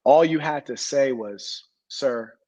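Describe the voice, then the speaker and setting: A man recounting an arrest in a rambling, indignant, slangy way. His voice sits at a middling pitch. The sound is dry and close. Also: a little fast, dry recording, rough recording. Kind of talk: storytelling rant.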